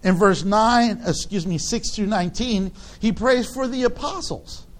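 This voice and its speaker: High-voiced animated male pastor. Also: unhurried. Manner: earnest, animated, laughs between points. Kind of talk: sermon.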